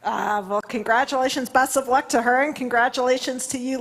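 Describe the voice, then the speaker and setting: A woman with a fairly high voice interviews a winner live on stage at an awards ceremony. She asks her questions in an upbeat way and keeps offering congratulations. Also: steady tone, fairly quick, hardly any pauses, a little hiss or hum, poor audio.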